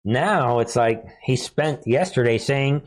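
A man's voice: mid-range voice, slow. Chuckling man hosting political commentary. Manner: animated, chuckling often, addresses viewers as folks. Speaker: political commentary channel host.

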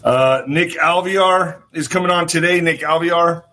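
A man's voice: fairly high pitch, a little slow, bright, forceful tone. A man hosting his own online show, talking in a rambling casual monologue, repeating phrases and swearing now and then. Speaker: show host.

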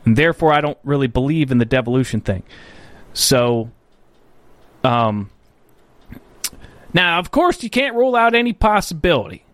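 A man's voice: a little high, sing-song, moderate pace, pauses often, dry recording. A man hosting a political commentary livestream. He talks bluntly and profanely, rambles, corrects himself often and answers viewer chat.

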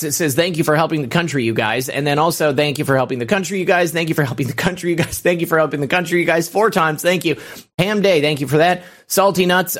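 A man hosting a live stream, reading viewer thank-yous aloud in a brisk, casual way with frequent fillers. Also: on the high side. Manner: brisk, reads out names with fillers. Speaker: host.

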